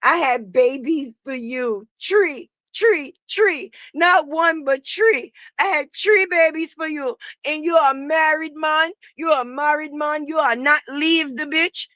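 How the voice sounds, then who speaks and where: A woman's voice: sits high, takes it slowly, hardly any pauses, sharp tone, dry recording, heavily acted. A woman voicing a jilted young woman pleading with her married lover, in an exaggerated put-on Jamaican accent.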